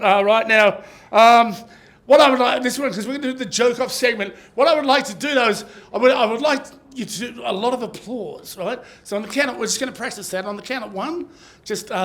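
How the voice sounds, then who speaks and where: A man's voice: high voice, a bit bright. A man filling in as host of a comedy show, talking in a rambling way with many fillers. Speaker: stand-in host. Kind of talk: casual comedy hosting.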